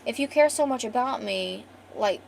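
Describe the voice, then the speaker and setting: A woman's voice: on the high side, expressive, moderate pace, vocal fry, a little hiss or hum, poor audio. A woman voicing a shy, frightened young woman who is easily embarrassed, with stammering, flustered lines. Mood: timid.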